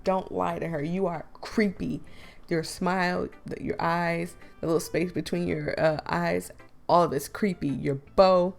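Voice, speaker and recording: Giggly young woman with a gravelly voice. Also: on the low side. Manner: giggly, self-deprecating. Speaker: gaming YouTuber. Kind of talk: casual gameplay commentary.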